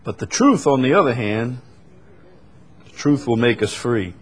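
A preacher in mid-sermon, a man whose voice sits at an ordinary pitch with a husky, slightly breathy grain. He climbs sharply when he quotes scripture, then drops back to plain talk, often stumbling over repeated words. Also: expressive, unhurried. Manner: emphatic rises on scripture quotes, stammered repeats.

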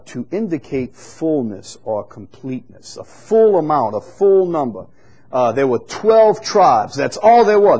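A man preaching a sermon in an unhurried, conversational teaching manner, growing louder and higher when he reads scripture aloud. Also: slightly rough. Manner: rises in pitch and volume when reading scripture aloud.

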